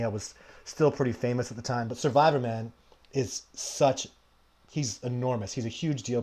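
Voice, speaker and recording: A man hosting a live stream, talking in a loose, chatty way and breaking off mid-sentence to greet viewers by name. He tells his story animatedly and laughs often. His pitch sits in an ordinary middle range. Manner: animated anecdote telling with frequent laughter. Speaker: live show host.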